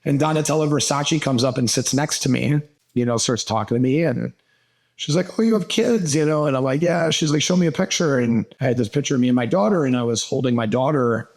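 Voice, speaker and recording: Male podcast guest from Milwaukee, mid-pitched, casual and profane, animated raconteur who voices the people in his stories. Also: a little fast, vocal fry. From Milwaukee, USA. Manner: animated, acts out quoted people, swears freely. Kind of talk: casual storytelling.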